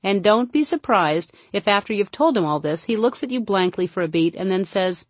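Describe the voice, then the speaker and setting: A woman's voice: mid-range voice, animated, moderate pace, few pauses, no echo. A woman narrating her own comedic audiobook with a dry, wry comic delivery, recorded close on a studio microphone.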